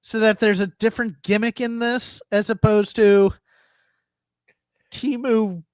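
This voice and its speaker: A man's voice: high-pitched, steady tone, a little slow, clear, resonant tone, dry recording. A man co-hosting a wrestling recap podcast, chatting casually with dry, sarcastic quips. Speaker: podcast co-host.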